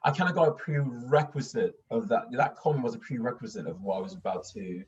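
In a casual interview, a young adult voice actor from northern England tells stories with lots of fillers and restarts, his English accent well-spoken. His mid-range voice is expressive, brisk, a little mellow and slightly rough. The mic sounds dull and distant.

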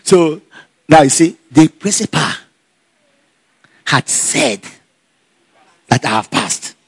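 High-voiced man telling a story. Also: slow pace, slightly rough, no echo. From Nigeria. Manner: animated, laughs often, acts out dialogue. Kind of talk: casual personal storytelling.

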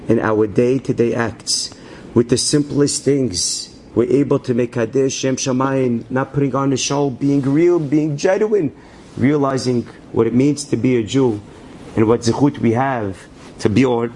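A man preaching through a story, theatrical and prone to leaping into high excited shouts. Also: a little hiss or hum. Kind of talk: animated storytelling sermon.

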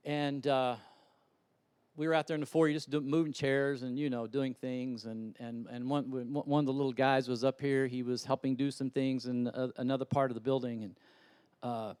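A middle-aged man, a pastor, preaching a sermon in a church, swinging from loud, urgent appeals to quiet, conversational storytelling. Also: medium pitch, steady tone, moderate pace, clean tone, no echo, studio quality. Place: church sanctuary.

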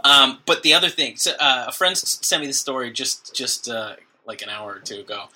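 A man's voice: mid-range voice, expressive, bright, forceful tone. A man from New Jersey co-hosting a podcast in casual chat, joking and laughing a lot. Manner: joking, laughs often, does quick funny voices. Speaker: podcast co-host.

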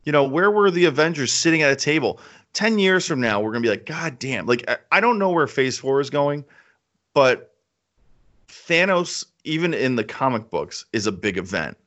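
A man's voice: medium pitch, expressive, normal speed, fairly bright tone. Enthusiastic rambling man chatting. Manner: enthusiastic, rambling, repeats himself. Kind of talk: casual chat. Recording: slightly dull lo-fi sound.

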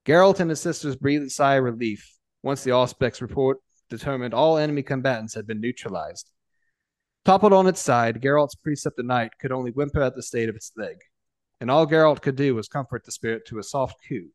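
A man reads a story aloud at an even, mid-range pitch, with small slips and restarts as he goes. His voice is close and dry, with no room echo. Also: a little fast. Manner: steady reading with small restarts. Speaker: narrator. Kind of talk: scripted story narration.

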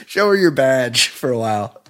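Guy rambling thru a movie recap on a podcast, chuckles a lot, mid pitch. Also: lively intonation, normal speed. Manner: laughing, rambling plot recap with quoted lines. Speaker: podcast host. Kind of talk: casual movie review chat.

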